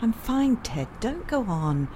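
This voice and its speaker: An actress playing a middle-aged wife, defensive and determined. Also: female voice, fairly high pitch, very animated, slow pace, mellow, slight background noise.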